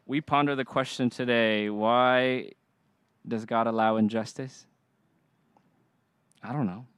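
A man's voice: mid-range voice, fairly even intonation, slow pace, fairly bright tone, clear, resonant tone, no echo. A young adult man preaching a sermon, earnest and emphatic, asking the congregation to respond. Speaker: pastor.

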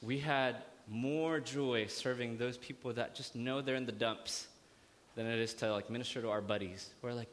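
Pastor, man, lively, joking sermon, hall reverb. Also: mid-range voice, normal speed, a little hiss or hum. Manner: lively preaching with jokes and acted-out asides. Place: church hall.

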